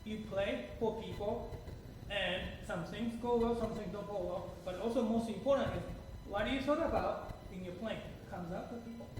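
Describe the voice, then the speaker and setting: Accented male piano teacher, high voice, chatty and digressive, far off in a roomy hall. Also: normal speed. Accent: non-native English accent. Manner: chatty, digressive, asks rhetorical questions. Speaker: piano teacher hosting a masterclass. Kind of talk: spoken piano masterclass. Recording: distant mic in an echoey room with noise.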